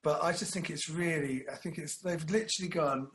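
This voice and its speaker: A man talking in a loose, rambling way, full of jokes, with a slightly higher-than-usual voice. He drifts between stories and acts out little quotes as he goes. Casual back-and-forth chat. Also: unhurried, a bit bright. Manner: rambling, jokey storyteller who acts out quotes. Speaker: podcast co-host.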